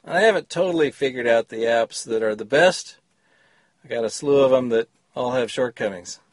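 A man's voice: mid-range voice, normal speed, dry recording, studio quality. A man recording himself on a phone, reading his short story after a chatty intro. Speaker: story contributor.

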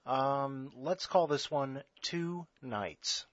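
A man hosting a podcast, reading a short story aloud with a wry, deadpan humor, in a dull lo-fi recording. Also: mid-range voice, extremely slow, no room sound.

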